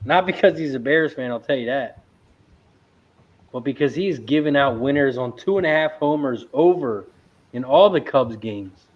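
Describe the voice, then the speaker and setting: A man's voice: medium pitch, lively intonation. A man hosting a live betting stream, chatting jokingly and calling the races as they run. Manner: joking, quick race calls. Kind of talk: casual live-stream chat and race calling. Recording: dull lo-fi stream audio.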